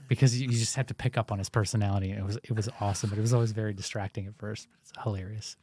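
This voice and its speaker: A man's voice: fairly low pitch, flat delivery, rapid-fire, few pauses, darkish tone, no echo. Joking male podcast host. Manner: friendly, joking. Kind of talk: casual chat.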